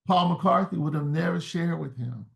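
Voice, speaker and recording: Man, interview guest, very gravelly fry, slightly high voice, thoughtful, halting. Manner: reflective, searching, restarts words mid-thought. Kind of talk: casual interview talk.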